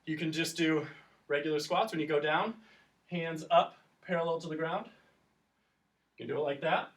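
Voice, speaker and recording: Male teacher, somewhat high voice, kid-friendly workout instructor, slightly out of breath, distant mic. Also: moderate pace, a bit bright. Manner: encouraging, counts down reps, explains as he exercises. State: breathing heavier from exercise. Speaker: teacher leading a class workout. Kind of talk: instructional exercise video.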